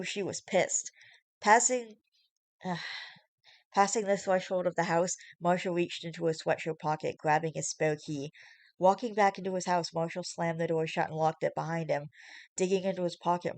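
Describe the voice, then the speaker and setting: A woman's voice: low voice, steady tone, a little fast, dry recording. A woman reading fan fiction aloud on camera, with casual, chatty asides. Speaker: story reader.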